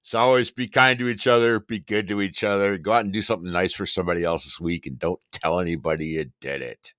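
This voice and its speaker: A man's voice: low voice, fairly even intonation, fast talker, a bit bright, no echo. A man co-hosting a podcast, mostly giving short replies and dry wisecracks, closing with a mock-solemn sign-off. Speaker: podcast co-host. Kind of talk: casual chat.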